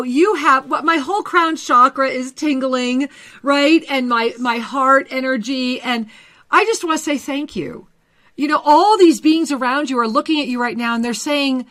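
A woman co-hosting a live spiritual call-in radio show, effusive and emotional, often dropping to a hushed, breathy voice. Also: high voice, moderate pace. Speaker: co-host and intuitive reader.

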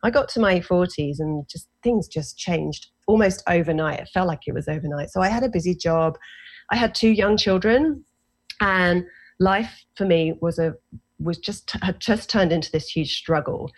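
A woman's voice: on the low side, moderate pace. Chatty english woman in her forties. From England. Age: 40s. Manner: animated, self-deprecating, lots of fillers and restarts. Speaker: guest. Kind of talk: casual interview storytelling.

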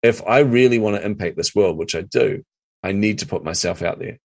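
A middle-aged New Zealander who works as a marketing coach tells stories as a podcast guest, acting out his own reactions. His voice is lowish, a little fast, with vocal fry, in a storytelling interview chat.

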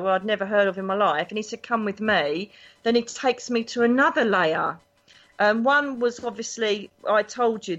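A woman, a psychic guest telling stories in a chatty, animated way. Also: a little high. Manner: animated, chatty, acts out voices in her anecdotes. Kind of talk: casual storytelling interview. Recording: dull lo-fi recording.

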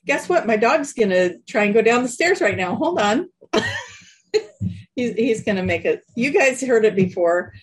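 A woman's voice: on the high side, animated, normal speed, breathy edge, poor audio. A woman co-hosting a casual online show from her bedroom, chatty and laughing, often sidetracked by tech trouble. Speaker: co-host. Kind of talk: casual video-call chat.

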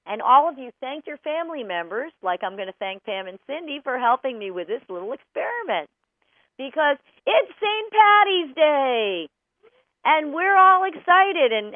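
A woman dog trainer hosting a radio talk show, bubbly and animated, laughing often. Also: high voice, dry recording. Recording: tinny phone-like line, dry.

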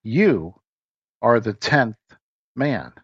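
A man voicing a wise old man who speaks calmly and reassuringly. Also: mid-range voice, very slow, slightly rough, no room sound, muffled recording, heavily acted. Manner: calm and reassuring.

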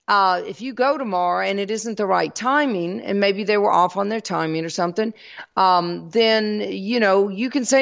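A woman's voice: medium pitch, unhurried, vocal fry. A woman with a Southern US accent hosting a spiritual teaching talk, folksy and calling her listeners y'all. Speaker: host. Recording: dull lo-fi recording.

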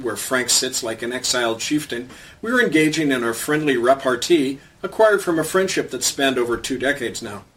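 Man, host, reading commentary column, sardonic, storytelling, mid-pitched, distant from the mic. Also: a bit bright.

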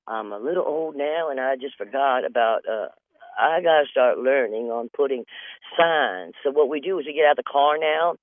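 A woman's voice: low-pitched, no room sound. A woman hosting a radio comedy show, telling funny stories in a chatty way, laughing often and calling people honey. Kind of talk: comedic storytelling monologue. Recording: tinny phone-like dry line.

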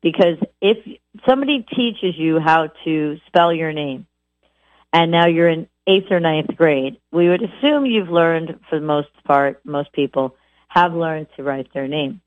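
A woman dog trainer giving an animated instructional talk, acting out owners by repeating words over and over. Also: deep voice, unhurried, no echo. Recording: tinny phone-like audio.

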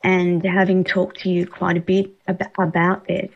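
A woman's voice: lowish voice, monotone, a little slow, vocal fry, slightly rough, highs cut off. A woman hosting a radio interview, talking in an encouraging, emphatic way. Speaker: radio host.

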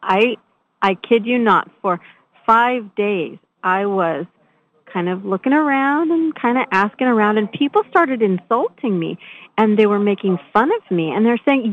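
A woman host telling a personal story in a chatty, animated way, often restarting her sentences. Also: mid-range voice, unhurried. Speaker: show host. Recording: tinny phone-line sound.

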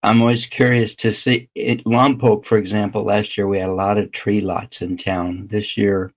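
A man who leads a small home church, speaking reflectively with many pauses and fillers. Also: lowish voice, flat delivery, lo-fi sound. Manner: hesitant, halting, many fillers. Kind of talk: reflective casual talk.

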